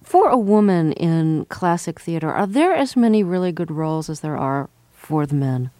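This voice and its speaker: Woman interviewer, low mellow voice, dry booth sound, calm and curious. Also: moderate pace, no echo. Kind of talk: interview questions.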